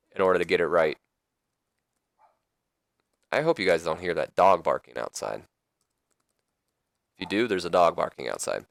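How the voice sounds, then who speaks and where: A young man rambles through his commentary on a wrestling management game, tripping over words and fixing them. His voice sits low and comes across clear and smooth. The sound is dry and close. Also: expressive, fairly quick, long pauses, no room sound. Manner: casual, rambling, self-correcting. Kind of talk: let's play commentary.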